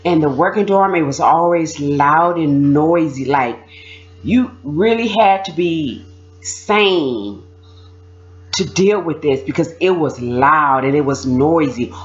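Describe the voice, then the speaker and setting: A woman recalling her time in prison in casual storytelling, animated, often laughing and imitating other people. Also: deep voice, slow, dull audio. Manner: animated, mimics voices, laughs while telling. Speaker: former prisoner sharing experiences.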